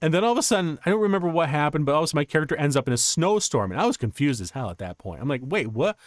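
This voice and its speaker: A man's voice: a little high, rapid-fire, no echo, clean studio sound. Rambling man chatting on stream. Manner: rambling, animated storytelling with many restarts. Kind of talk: casual chat.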